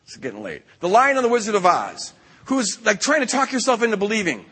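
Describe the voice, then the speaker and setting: Man, animated sermon, high bright voice, long hall reverb. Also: fairly quick, breathy edge. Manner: animated, acts out quoted voices. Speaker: retreat speaker. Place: retreat camp hall.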